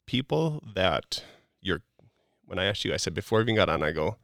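Low, gravelly-voiced man preaching earnestly. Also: sing-song, fairly quick, a bit bright, no room sound, clean studio sound. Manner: earnest and preachy, many "like" fillers. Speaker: guest. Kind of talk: casual motivational podcast talk.

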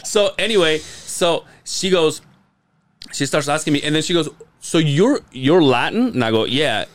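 Lively, rambling man telling a story. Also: fairly high pitch, moderate pace, no echo. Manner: rambling, crude, laughing storyteller. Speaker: podcast co-host. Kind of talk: casual storytelling chat.

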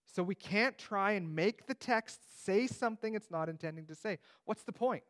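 A man's voice: high voice, moderate pace, a bit bright. A man teaching through a Bible passage in a conversational way, with joking asides.

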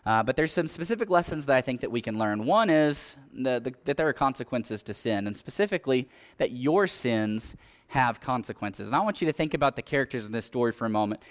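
A man's voice: mid-range voice, lively intonation, a little fast. A man preaching a sermon, telling a Bible story and reading scripture aloud, building up energy at the dramatic parts. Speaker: pastor.

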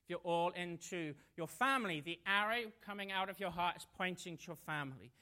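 A preacher giving a sermon, retelling the scene as a lively story and slipping in light jokes. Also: mid-range voice, fairly quick.

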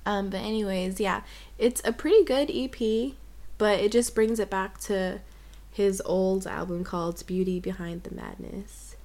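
A young adult woman co-hosting a podcast, chatting casually as an enthusiastic pop fan who pushes back quickly. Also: medium pitch, fairly even intonation, darkish tone. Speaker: podcast co-host. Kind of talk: casual chat.

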